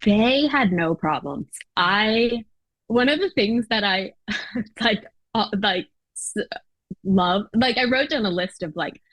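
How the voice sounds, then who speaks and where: A woman's voice: mid-range voice, lively intonation, takes it slowly, a bit bright, no echo, rough recording. A chatty American woman talking as a podcast guest, her voice sitting in an ordinary middle range. She fills her speech with "like" and "you know," and the sound is close and dry with no room around it. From United States. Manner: chatty, many fillers and laughs. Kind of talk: casual interview chat.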